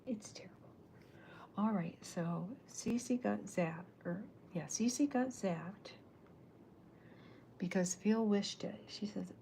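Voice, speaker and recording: Soft-spoken, gravelly woman artist. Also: on the low side, slow, long pauses, slight background noise. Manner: chatty, rambling, drifting into whispers. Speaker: artist streaming while drawing comics. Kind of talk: soft-spoken ASMR livestream.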